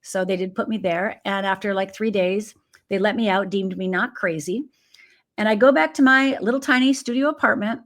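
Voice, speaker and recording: At normal speed and a medium pitch, a woman from Upper Michigan, USA, tells her own story as a life coach guest in an interview. She's a lively storyteller who gives voice to the people she describes.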